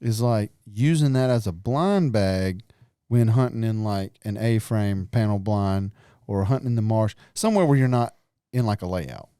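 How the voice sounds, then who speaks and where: A man co-hosting a hunting podcast in easy, relaxed chat. His voice is mellow and warm, with a smooth, resonant tone. He rambles through explanations and laughs a lot. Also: on the low side, no room sound, clean studio sound. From North Carolina, US. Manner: laid-back, laughs often, drawn-out explanations. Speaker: podcast co-host. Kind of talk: casual chat.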